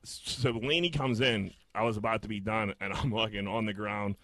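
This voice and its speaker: A man chatting casually as a podcast co-host, telling crude, animated stories. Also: fairly low pitch, moderate pace, no echo. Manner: crude, storytelling, acts out quotes loudly. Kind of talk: casual chat.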